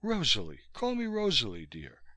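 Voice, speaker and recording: A man's voice: mid-range voice, huge pitch swings, moderate pace, sharp tone, no room sound, exaggerated voice. A man voicing a chatty, gushing former musical-comedy actress who calls everyone dear.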